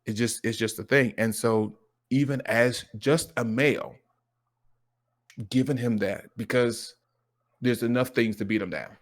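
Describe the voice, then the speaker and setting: A man in a casual, heartfelt chat, talking with lively emotion and frequent restarts. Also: medium pitch, unhurried, pauses often. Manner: animated, emotional, lots of restarts and quoted dialogue. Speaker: streamer.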